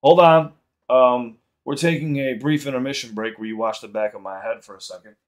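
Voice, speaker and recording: A young man from Chicago with a Chicago accent, chatting casually on a livestream while high, rambling and swearing often. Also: brisk. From South Side of Chicago. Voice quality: rambling, profane, repeats himself. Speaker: streamer.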